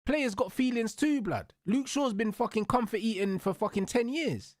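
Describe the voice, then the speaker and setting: A man's voice: high-pitched, moderate pace, no echo, studio quality. A young man ranting hotly about football as a watch-along host, swearing freely and ending every line with bro, bruv or blood. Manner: profane, slang-heavy, repeats tags like bro and blood. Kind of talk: heated football rant.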